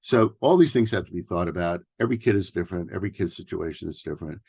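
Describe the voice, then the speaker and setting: A man in his sixties from New York City giving a relaxed workshop talk as a therapist, mixing advice with personal stories and often pausing on fillers and restarts. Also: deep voice, gravelly, breathy edge, dry recording, studio quality. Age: 60s. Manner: loose and conversational, with many fillers and restarts. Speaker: workshop presenter, family therapist.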